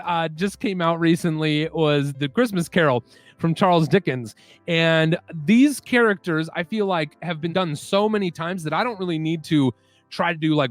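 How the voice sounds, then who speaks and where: A young man chatting casually and self-deprecatingly as the host of a voice-impression video. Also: fairly high pitch. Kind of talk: casual chat.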